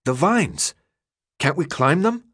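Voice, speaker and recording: A man's voice: a little high, sing-song, takes it slowly, fairly bright tone, slightly rough, voice pushed up, heavily acted. A man voicing a frightened, pushy teenage boy in an audiobook, urgent and full of questions. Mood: anxious, urgent. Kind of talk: audiobook character voice.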